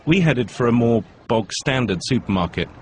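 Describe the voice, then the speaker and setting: A man's voice: medium pitch, animated, normal speed, a little hiss or hum. A British man in his forties reading scripted voice-over narration with dry, wry understatement.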